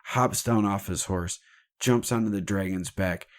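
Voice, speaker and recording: A man's voice: deep voice, unhurried, no room sound, studio quality. A man hosting a podcast, retelling a legend in a casual, irreverent and jokey way, swearing freely. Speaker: podcast host. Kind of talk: casual storytelling chat.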